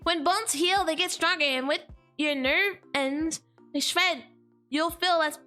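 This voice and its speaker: Super high bright-voiced woman streamer, slow drawn-out slangy chatter. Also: faint music behind. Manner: slangy and exclaiming, heavy on "like" and "dude". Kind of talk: casual chat stream.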